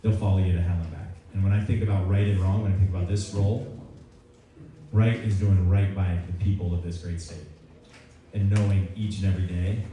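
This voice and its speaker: An earnest man on the campaign trail answers audience questions with a story, his low, mellow voice full of fillers and restarts. He sounds far from the mic, and a strong echo fills the hall. A faint hum of room noise runs underneath. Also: little pitch movement, a little fast. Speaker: political candidate. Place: community grange hall.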